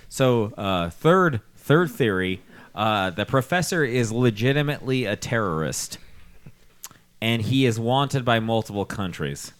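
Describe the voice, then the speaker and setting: A man in casual comedic chat with friends, rambling through crude theories, swearing freely and slipping into quick acted-out bits. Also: lowish voice. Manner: profane, rambling, acts out characters in bits.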